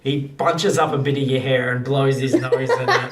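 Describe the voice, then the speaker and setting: A game master narrating a comic tabletop game with animated storytelling and frequent laughter. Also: medium pitch, normal speed, a crowd in the background. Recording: echoey room, from far off.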